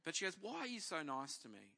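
Animated pastor telling a story. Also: male voice, fairly high pitch, quick pace, vocal fry, a little hiss or hum. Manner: animated storyteller acting out quoted voices. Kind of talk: sermon storytelling.

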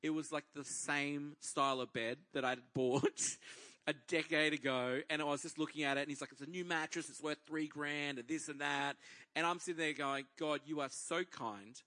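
A man in his thirties preaching, telling a personal faith story to a congregation as an animated storyteller who acts out his own inner dialogue. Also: fairly high pitch, normal speed.

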